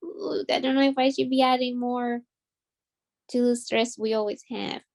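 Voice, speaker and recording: A mother in a support group speaking hesitantly and softly about avoiding conflict. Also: fairly high pitch, steady tone, moderate pace, gravelly. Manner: hesitant, soft, laughs nervously. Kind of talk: casual sharing in a support group.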